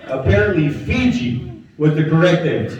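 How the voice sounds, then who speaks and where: A man in his fifties doing a stand-up comedy set in a lodge hall, delivering deadpan one-liners with quick asides. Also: on the high side. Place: lodge hall with live audience. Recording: muffled, echoey hall, mic far off, crowd laughing.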